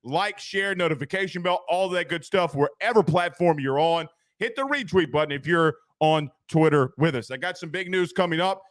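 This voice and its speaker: A man hosting a casual sports talk show, rambling and excitable, laughing at his own jokes. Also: on the high side, moderate pace, hardly any pauses, no room sound, clean studio sound.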